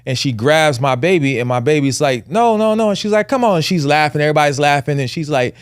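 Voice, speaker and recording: Podcast host, male, fairly high voice, emphatic and heated, dry close sound. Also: fast talker, clear, resonant tone, no room sound. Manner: emphatic, rising to heated telling of a story. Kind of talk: casual podcast talk.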